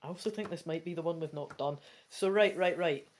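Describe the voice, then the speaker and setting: A woman with a Scottish accent reading a gamebook aloud, breaking off into chatty, quick asides. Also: fairly low pitch. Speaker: gamebook reader. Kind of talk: casual read-through with chatty asides.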